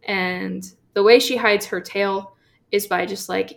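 A woman chatting through a comic book plot for a podcast, peppering her retelling with "um" and "like" and slipping into the characters' lines. She talks at an unhurried pace with a gravelly edge to her voice. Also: medium pitch, steady tone. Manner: chatty, filler-heavy, acts out quotes. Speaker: podcast co-host. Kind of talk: casual comic book recap.

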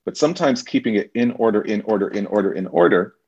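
Animated man telling showbiz stories. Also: lowish voice, fast, husky. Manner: animated storyteller, acts out quoted voices. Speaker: podcast guest, actor. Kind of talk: casual storytelling interview. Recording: muffled lo-fi recording.

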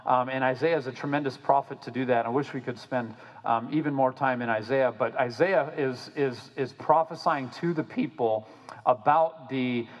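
Man, pastor, sermon, animated, repeats words, mid pitch, long hall reverb. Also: normal speed.

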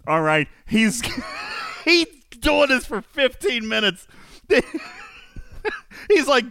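Animated, high-voiced male host. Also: slow pace, vocal fry, pauses often, dry recording, clean studio sound. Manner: animated storytelling, laughing often. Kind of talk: casual stream talk.

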